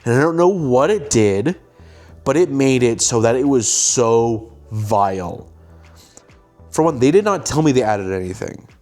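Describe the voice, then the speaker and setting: A young man hosting a casual show, telling a story with animated delivery and acting out what people said. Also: mid-range voice, unhurried, soft background music. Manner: animated, acts out quoted lines. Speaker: host, filmmaker.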